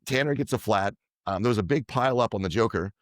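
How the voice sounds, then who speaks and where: A man being interviewed as a podcast guest, telling lively anecdotes and acting out what others said. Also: on the low side, quick pace, dry recording, clean studio sound. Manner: animated anecdotes, quoting others in dialogue. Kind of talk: casual storytelling interview.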